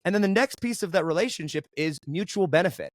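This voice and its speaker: A fast-talking man with a slightly high voice tells his story as a podcast guest. He is animated and keeps checking in with his listener. The recording is close and dry. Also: no echo. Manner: animated, keeps asking "right?". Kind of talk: casual interview storytelling.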